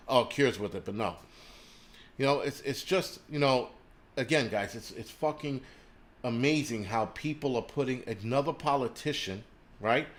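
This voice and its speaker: A man hosting a livestream, ranting angrily and profanely, stopping to read out viewer comments and donations. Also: medium pitch. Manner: reads viewer names and donations aloud. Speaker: livestream host.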